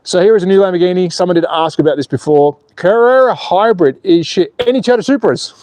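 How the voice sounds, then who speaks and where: Upbeat jokey man, higher mellow voice. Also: fast talker, no room sound. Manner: jokey, excitable, reads chat aloud. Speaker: slot car channel host. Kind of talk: live-stream commentary. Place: outdoors.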